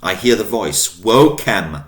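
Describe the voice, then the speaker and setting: This Latin teacher, a man with a fairly low-pitched, expressive voice, teaches online with patience, spelling out endings and stretching out every new word. There's a roomy echo on the audio.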